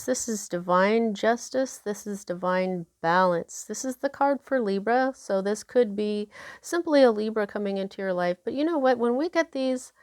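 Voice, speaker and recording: Slow talking lady doing a tarot reading, lots of um and you know, dry close sound. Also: fairly high pitch, darkish tone, no room sound. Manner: chatty, unhurried, many fillers. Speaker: tarot reader.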